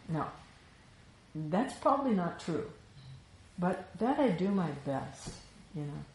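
A woman's voice: lowish voice, very animated, takes it slowly, darkish tone. A woman teaching Vedanta philosophy in a reflective, conversational way, often checking in with "you know". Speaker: spiritual teacher. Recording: echoey room with faint ambient noise.

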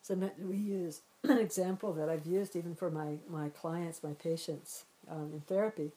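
A woman giving a spiritual teaching talk, gentle and reflective, often pausing to rephrase as she explains. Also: lowish voice, fairly even intonation, rough recording. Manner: gentle, reflective, repeats and rephrases while searching for words. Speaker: meditation and Vedanta teacher.

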